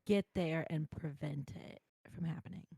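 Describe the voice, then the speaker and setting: A woman in a tabletop game with a low, gravelly, mellow voice, talking in a matter-of-fact way. Faint noise and clicks sit behind her. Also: fairly even intonation, normal speed. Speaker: player. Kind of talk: casual tabletop role-play.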